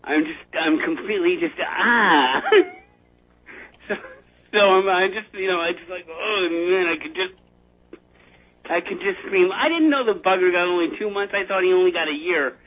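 A man in casual political chat, rambling and halting, often breaking into nervous laughter. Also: high-pitched. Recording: tinny phone-line audio.

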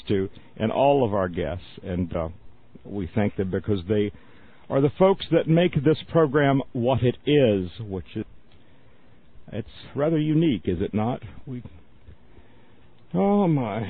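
A man's voice: mid-range voice, husky. A man hosting a radio call-in show, chatting in a rambling way and laughing often. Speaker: radio talk show host. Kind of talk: casual radio call-in chat. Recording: narrow phone-like radio sound.

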